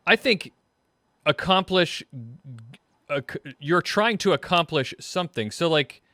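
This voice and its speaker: A man's voice: fairly high pitch, lively intonation, slow, pushed and bright, dry recording, clean studio sound. A man hosting a casual panel show, rambling through his questions and restarting them as he goes. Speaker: show host.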